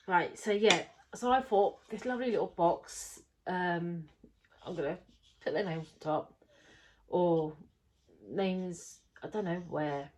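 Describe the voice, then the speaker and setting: A woman's voice: lowish voice, measured pace, noisy background. A woman talking casually to camera about a crafting project, rambling with lots of fillers and restarts. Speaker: crafting vlogger.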